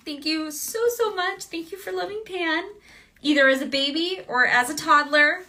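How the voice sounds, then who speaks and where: A woman's voice: high-pitched, normal speed, bright, forceful tone. A woman voice actress chatting casually with fans during a livestream autograph session, bubbly and gushing, and laughing often.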